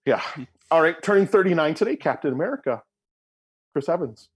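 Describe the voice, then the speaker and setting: A man's voice: on the high side, expressive, fairly quick, husky. A man in his forties co-hosting a casual podcast chat, reading out birthdays with jokey asides. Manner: jokey, reads listings with asides.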